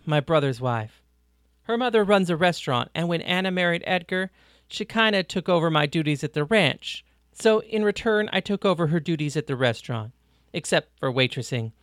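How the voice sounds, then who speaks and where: A reader voicing Paris, a blunt, warm woman from a ranch, in an audiobook. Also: medium pitch, no echo, clean studio sound, natural voice. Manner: breezy, teasing, plain-spoken. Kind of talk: audiobook reading.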